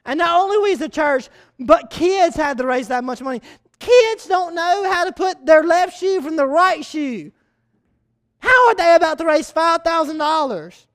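Animated preacher, high voice. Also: male voice, normal speed. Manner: animated storytelling preacher, repeats key phrases. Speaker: youth pastor. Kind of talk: sermon.

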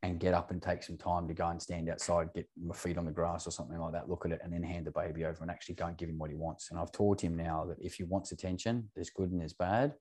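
Man, very low voice, candid podcast guest. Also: little pitch movement, quick pace, few pauses, a little mellow, husky. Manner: earnest, open, swears casually.

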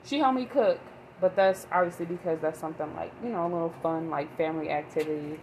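A woman's voice: lowish voice, quick pace, darkish tone, a little hiss or hum, rough recording. A woman vlogging about her day as a mother, talking in a rambling, emphatic way. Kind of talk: casual monologue.

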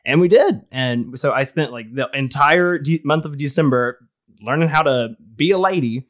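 A man's voice: medium pitch, moderate pace. A young man, a guest chatting casually on a podcast. He tells stories with restarts and self-deprecating asides. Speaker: guest, new drag queen.

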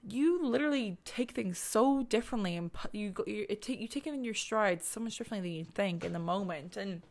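Chatty and rambling, this young podcast host tells true-crime stories full of fillers and swearing. She speaks fairly quickly at a medium pitch.

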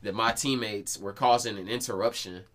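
A man in his twenties hosting a podcast, telling stories in casual, slangy talk full of swearing and quick restarts. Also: lowish voice, steady tone, fairly bright tone. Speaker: podcast host. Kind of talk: casual chat.

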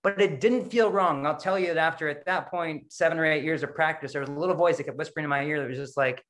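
A middle-aged man giving a casual, rambling dharma talk over a video call, self-deprecating and quick to laugh at himself. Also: a little high, a bit bright. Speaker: Zen practice leader giving a dharma talk.

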